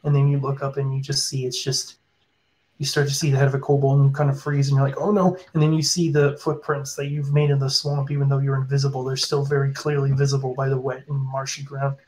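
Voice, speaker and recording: Brief: mid-pitched male GM, easygoing, stop-start tabletop narration. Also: little pitch movement, a little mellow, low-quality recording. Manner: casual, halting narration with fillers. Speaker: game master.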